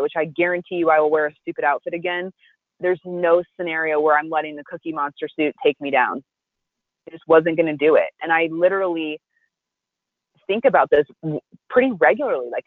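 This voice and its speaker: A woman, a restaurant founder, telling a personal story in an interview, animated and acting out the voices of the people she quotes. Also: low-pitched, dry recording, narrow, tinny audio. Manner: conversational, with frequent "like" and restarts.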